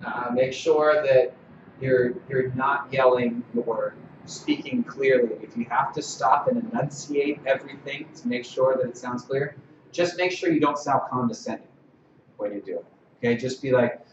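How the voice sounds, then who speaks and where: A man's voice: medium pitch, normal speed, far from the mic, a little hiss or hum. A man giving a conversational training lecture in a room, often checking in with "okay?" and acting out sample lines. He sounds roomy and set back from the mic. The dull live-stream audio has little sparkle. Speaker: lacrosse officials trainer. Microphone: distant mic.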